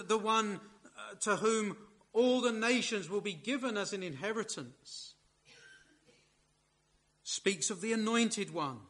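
High, slow, bright-voiced male preacher. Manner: measured, emphatic preaching with swells of force on key words. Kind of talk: sermon.

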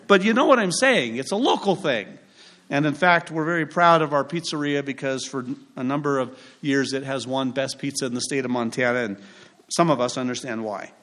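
Pastor, man, higher register, chatty sermon with jokes, church setting. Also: fairly bright tone. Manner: conversational preaching with humorous asides.

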